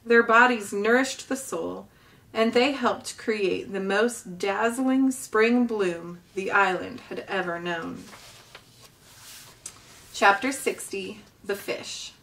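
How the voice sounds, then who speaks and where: A woman reading a children's novel aloud with gentle, expressive storytelling. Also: medium pitch, recorded from a distance. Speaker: storybook reader.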